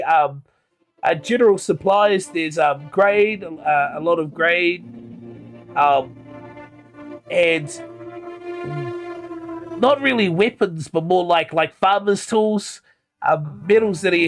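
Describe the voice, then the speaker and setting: A man with a high, gravelly voice running a tabletop game. He narrates slowly and halts often with fillers as he describes the scene to his players. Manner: halting, filler-heavy narration. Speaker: game master.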